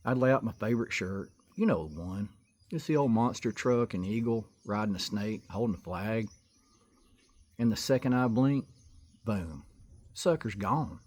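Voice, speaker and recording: A man's voice: on the low side, normal speed. A man telling comic childhood stories in a folksy, exaggerated way. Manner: folksy, exaggerated, building to excited outbursts. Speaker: storyteller comedian. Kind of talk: comic storytelling monologue.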